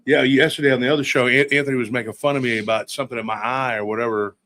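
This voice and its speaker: A man's voice: medium pitch, steady tone, rapid-fire, bright, forceful tone. A man hosting a casual podcast chat, rambling and joking, often trailing off mid-thought. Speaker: podcast host.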